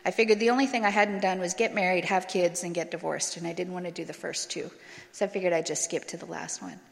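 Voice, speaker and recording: A woman's voice: lowish voice, fairly even intonation, quick pace, creaky. A woman giving a candid personal talk to an audience, telling her story bluntly and casually, with some swearing. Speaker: speaker sharing a recovery story. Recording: long hall reverb.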